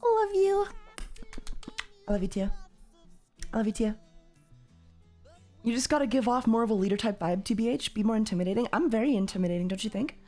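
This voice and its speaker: A woman hosting a casual livestream chat, loud and sweary, with a slightly tired voice. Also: medium pitch, quick pace, long pauses, faint music behind. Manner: loud, swears freely, jumps into yelling. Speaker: livestream host.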